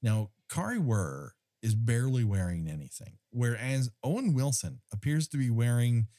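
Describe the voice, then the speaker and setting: A man hosting a casual film recap podcast, wry and profane, telling the story with lively asides. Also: medium pitch, moderate pace, no room sound, studio quality. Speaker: former studio tour guide. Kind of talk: casual chat.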